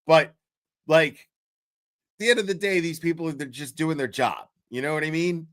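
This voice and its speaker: A man with a voice on the high side talks at a moderate pace, his tone fairly bright and echo-free. Hosting a livestream, he gives casual commentary, telling a rambling, profane story with restarts and fits of laughter.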